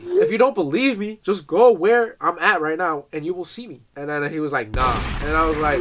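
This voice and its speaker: A young man with a bright, slightly high voice tells a prank story in a casual vlog. He talks into his phone with jokey energy and reads out text messages in a put-on voice. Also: brisk, few pauses. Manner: animated, reads out texts in a mock voice, jokey. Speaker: vlogger.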